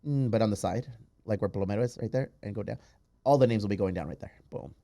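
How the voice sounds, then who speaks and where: A man hosting a podcast in casual chat, reading out patron names in a loud, playful way with plenty of swearing. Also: on the low side, fast, vocal fry. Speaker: podcast host.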